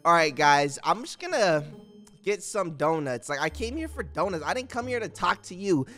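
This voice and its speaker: A young man commentating his gameplay, animated and slangy, reading chat lines aloud. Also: high-pitched, moderate pace, faint music behind. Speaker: gaming YouTuber.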